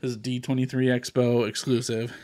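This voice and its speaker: A man's voice: mid-range voice, level tone, brisk, darkish tone, no room sound. A man from Texas co-hosting a podcast, telling a story in casual chat, swearing freely and acting out quoted voices. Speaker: podcast co-host.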